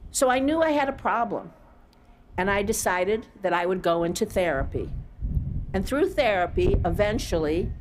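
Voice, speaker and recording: Earnest middle-aged woman giving a speech. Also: mid-range voice. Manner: earnest, reflective personal storytelling. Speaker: commencement speaker. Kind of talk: prepared ceremony speech. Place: on a stage at a graduation ceremony.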